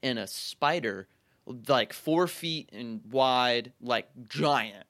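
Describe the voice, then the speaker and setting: A young man in casual chat, easygoing and quick to laugh, telling stories loosely with plenty of filler words. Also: medium pitch, animated, fairly bright tone, no echo, clean studio sound. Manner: easygoing, laughs often, says "dude" and "like".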